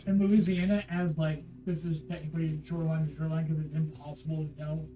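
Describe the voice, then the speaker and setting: A man's voice: a little high, level tone, fast, a loud crowd. Curious man player, distant from the mic. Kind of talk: tabletop game chat.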